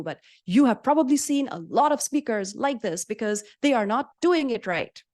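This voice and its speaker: Woman coaching public speaking, lively. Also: mid-range voice. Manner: lively, demonstrates pauses and pace changes, reads out participants' answers. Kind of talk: interactive coaching session.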